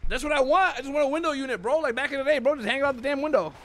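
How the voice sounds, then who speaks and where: A man's voice: very high voice, racing, fairly bright tone. A young man chatting casually while he streams a game, loose and chatty with offhand swearing. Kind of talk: casual chat while playing. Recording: faint background noise.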